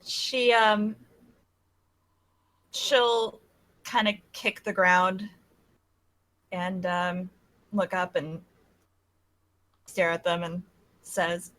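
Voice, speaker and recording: A woman at a tabletop game, narrating what her character does with deadpan asides. She talks slowly in a bright voice. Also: lowish voice. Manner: unhurried, laughs often, deadpan in-character asides. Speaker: player. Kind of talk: casual tabletop role-play narration.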